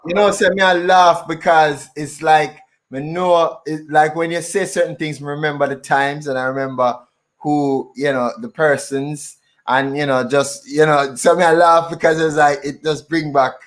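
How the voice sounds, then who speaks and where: A man, hosting a casual conversation in a relaxed, agreeable way, speaking in patois. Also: fairly high pitch, moderate pace. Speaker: host.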